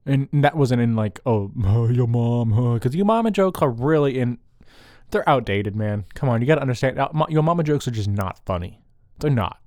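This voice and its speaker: A man's voice: medium pitch, animated, a little fast, a little mellow, no room sound. Man, crude rambling monologue, profane, close mic, dry room. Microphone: close microphone.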